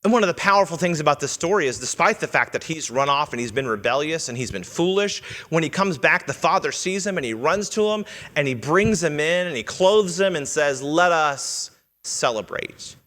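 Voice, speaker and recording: Speaking briskly with hardly any pauses, this preacher has a slightly high, expressive voice with a bright, forceful tone. He teaches earnestly from a church sanctuary, questioning the congregation and voicing quoted lines in character, all under a church hall's long reverb.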